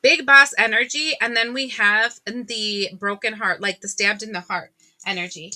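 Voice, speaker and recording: Bright, chatty woman tarot reader. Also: mid-range voice, unhurried. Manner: chatty, animated, laughs often, exclaims. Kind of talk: casual tarot reading to viewers.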